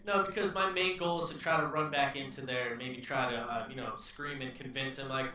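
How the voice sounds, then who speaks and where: A man's voice: medium pitch, steady tone, a little fast, bright, forceful tone. Hesitant male player, echoey and distant. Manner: hesitant, full of fillers. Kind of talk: casual tabletop play. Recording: roomy echo, distant mic.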